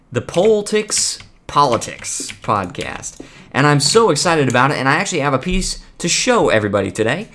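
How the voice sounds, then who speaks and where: A man's voice: mid-range voice, fairly bright tone, a little hiss or hum. A man streaming a building game, chatting casually to viewers and rambling with frequent restarts. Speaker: gaming streamer. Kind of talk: casual live-stream chat.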